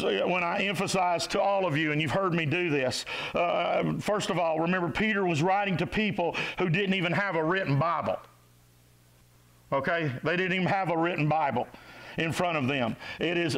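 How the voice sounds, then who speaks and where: Gravelly, high-pitched preaching man. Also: poor audio. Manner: animated, exhorting, rises to shouts and drops to low tones. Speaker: pastor. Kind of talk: sermon. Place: church sanctuary.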